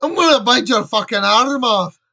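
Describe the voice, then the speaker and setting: A man putting on an exaggerated Scottish accent to play a rowdy, foul-mouthed man who is quick to threaten. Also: very high voice, lively intonation, vocal fry, exaggerated voice. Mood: gruff. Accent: put-on Scottish. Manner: shouting, swearing, exaggerated brogue.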